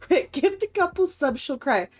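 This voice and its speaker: A woman streaming a game chats casually with her viewers in a somewhat high voice. She is emotional and stammers, laughing through her words. Faint music plays behind her. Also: expressive, moderate pace. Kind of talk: casual live-stream chat.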